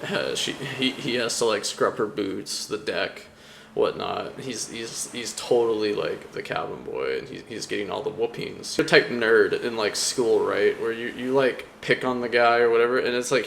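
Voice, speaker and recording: A man's voice: mid-range voice, normal speed, gravelly, a bit bright, slight background noise. A young man chatting casually about a comic, rambling with lots of fillers and frequent laughter. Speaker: anime vlogger. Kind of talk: casual chat.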